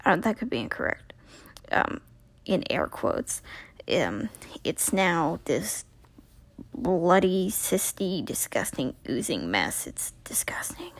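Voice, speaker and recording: A woman's voice: on the low side, very animated, slow, dry recording, whispered. A young woman recapping a TV episode in a casual, rambling way, full of "like" and acted-out character lines, sounding tired.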